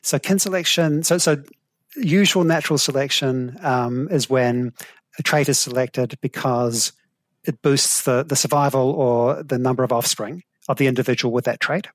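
A middle-aged man with a New Zealand accent answers interview questions in a thoughtful, hedging way. His voice sits at an ordinary pitch. The sound is dry and close, with no room around it. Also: moderate pace, dry recording. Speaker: guest, evolutionary psychology professor. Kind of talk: explanatory interview talk.

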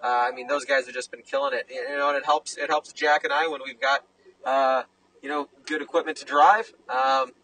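Young male guest, relaxed talker, bright tone, a bit far from the mic with faint ambience. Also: mid-range voice, moderate pace, slight background noise. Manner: easygoing, lots of "uh" and "you know". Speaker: race car driver, guest. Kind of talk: casual interview.

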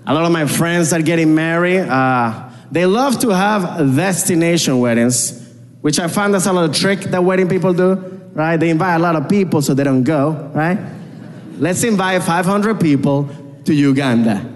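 Venezuelan-accented male stand-up, fairly high voice, echoing club hall, audience murmur behind. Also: moderate pace. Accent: Venezuelan Spanish. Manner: punchy, repetitive joke delivery to a crowd. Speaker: stand-up comedian. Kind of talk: stand-up comedy set. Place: comedy club stage. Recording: reverberant hall with audience noise. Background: live audience.

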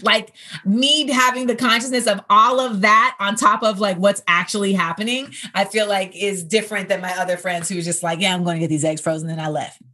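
Chatty woman comedian, bright voice. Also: mid-range voice, steady tone, normal speed. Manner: chatty, storytelling, full of fillers like "you know". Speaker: comedian hosting a podcast segment. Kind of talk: casual monologue.

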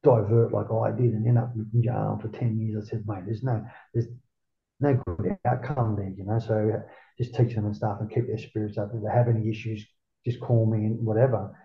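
Gravelly Australian man, roomy muffled sound. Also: on the low side, moderate pace. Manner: animated, swears constantly, acts out quoted voices loudly. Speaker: podcast guest. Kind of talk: casual storytelling interview.

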